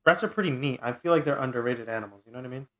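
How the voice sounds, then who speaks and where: A man's voice: medium pitch, very fast, bright, forceful tone. A young man co-hosting a casual chat, bantering in a teasing, sarcastic way. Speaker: podcast co-host.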